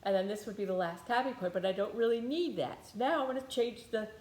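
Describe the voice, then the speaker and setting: A woman's voice: mid-range voice, quick pace, a little mellow, a little hiss or hum. A woman leading a guided tapping meditation, talking bluntly, swearing freely and thinking aloud as she works through her own feelings. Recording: echoey room.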